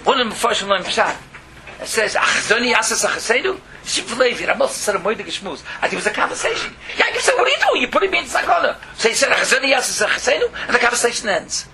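A man's voice: sits high, fast, crowd noise. A man teaching a Torah lesson as a rabbi, telling stories, mixing in words and leaping up in exclamations. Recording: steady background hiss.

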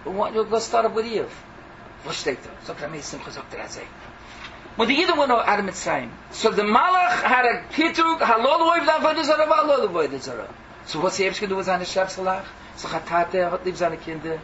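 A man preaching an animated sermon, mixing in Hebrew and phrases. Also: high-pitched, brisk, far from the mic, muffled recording, a little hiss or hum. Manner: excitable, mixes in Hebrew and Yiddish phrases.

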